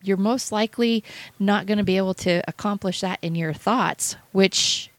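A woman co-hosting a radio show, talking about the Bible in an earnest, halting way with many restarts. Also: mid-range voice, dry recording. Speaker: radio co-host. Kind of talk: casual Bible talk.

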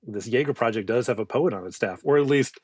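A man's voice: mid-range voice, quick pace, breathy edge, dry recording. Male co-host: loose, swearing banter about films, medium voice, dry close mic. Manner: joking, rambling, swears freely. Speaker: podcast co-host. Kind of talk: casual movie-review chat.

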